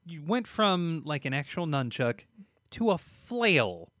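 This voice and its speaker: A man co-hosting a casual podcast, chiming in with sarcastic, profane quips and animated rants. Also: fairly high pitch, takes it slowly, no room sound, clean studio sound. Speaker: podcast co-host. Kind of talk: casual chat.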